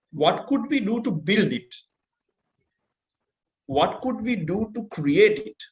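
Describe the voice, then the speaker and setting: Sri Lankan man giving an earnest keynote. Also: sits high. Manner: earnest, with rhetorical questions. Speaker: keynote speaker. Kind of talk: motivational keynote speech. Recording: roomy echo.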